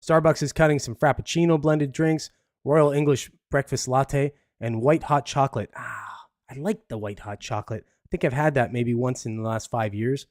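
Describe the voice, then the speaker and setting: Casual, profane podcast host. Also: male voice, mid-range voice, moderate pace, darkish tone, dry recording, studio quality. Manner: casual, profane, rambling, with frequent laughs. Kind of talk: live podcast commentary.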